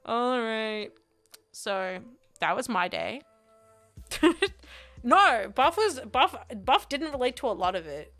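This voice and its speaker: Young female streamer, high and bright, rambling and laughing, bursts of playful shouting. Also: very animated, slow pace, pauses often. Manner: giggly, rambling, bursts into loud playful yelling. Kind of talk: casual live-stream chat with viewers. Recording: faint music behind.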